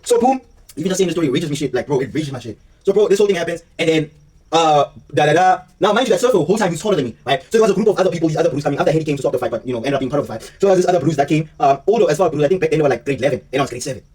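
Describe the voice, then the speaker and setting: A young man rattles through a personal story at breakneck speed, his voice husky and set a little high for a man. He talks in loose slang and acts out what others said. The mic sits some distance away, so he sounds a bit removed. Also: racing. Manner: slangy, animated retelling with acted-out dialogue. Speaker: vlogger telling a story. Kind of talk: casual storytime monologue.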